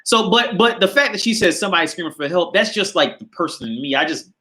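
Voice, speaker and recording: Animated, profane man telling a story. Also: sits high, fast talker. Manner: animated, profane, laughs often. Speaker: livestream host. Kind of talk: casual storytelling livestream. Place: small apartment indoors. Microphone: phone or camera carried by hand.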